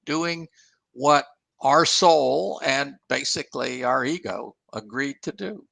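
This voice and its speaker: An older man, a guest on a radio talk show, answering thoughtfully with many restarts and halting pauses. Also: medium pitch, creaky, sharp tone, no echo. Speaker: guest, former engineer and author. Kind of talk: casual interview talk.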